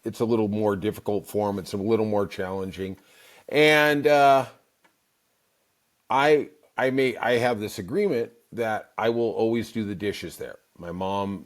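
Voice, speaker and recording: A middle-aged man hosting a podcast, telling a rambling comic story with wry asides. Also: fairly low pitch. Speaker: podcast host. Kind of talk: casual comic storytelling monologue.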